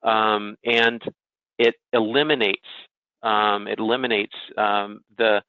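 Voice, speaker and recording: In a casual, conversational webinar presentation, a man keeps checking in with listeners by asking "right?" His lowish voice is slow and fairly even, and the audio is dry and tinny, like a phone line.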